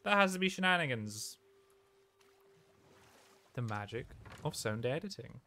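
A young man streaming a video game, giving animated, joking commentary and swearing freely. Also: medium pitch, unhurried, slight background noise. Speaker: let's play streamer. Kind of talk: casual gaming commentary.

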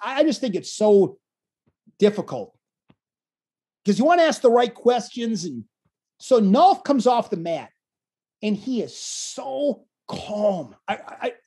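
A man, a wrestling commentator, telling a story in a casual interview, animated and self-deprecating, often restarting his phrases. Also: sits high, a little slow, pauses often, breathy edge.

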